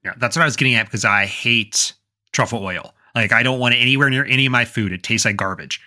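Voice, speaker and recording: A young man co-hosting a podcast, chatting about a film in an animated, joking way. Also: mid-range voice. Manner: animated, joking, quick to laugh. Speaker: podcast co-host. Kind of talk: casual movie review chat.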